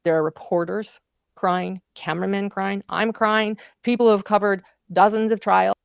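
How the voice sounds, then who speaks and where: A woman's voice: mid-range voice, little pitch movement, moderate pace, vocal fry, clear, resonant tone, dry recording, studio quality. A woman commentating on a trial, recounting events in vivid, emotional detail. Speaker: true crime commentator.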